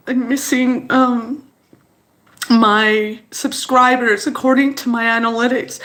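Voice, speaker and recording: Slow-talking woman, teary livestream chat. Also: fairly high pitch. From Montreal, Canada. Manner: slow, halting, emotional, with many fillers and apologies. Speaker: channel host on a livestream. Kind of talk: casual livestream chat, reading viewer comments.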